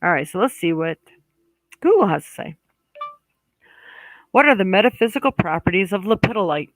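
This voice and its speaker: A psychic card reader with a high, animated voice moves at a moderate pace, the recording rough but free of echo. His monthly horoscope card reading is chatty, full of warm asides, fillers, and restarts, and he talks straight to viewers and aloud to spirit.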